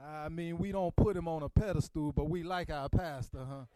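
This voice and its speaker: High-voiced preacher, mellow and dry. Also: male voice, moderate pace, no echo. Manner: folksy and conversational, addresses the congregation as "y'all". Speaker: guest preacher. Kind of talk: sermon. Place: church sanctuary.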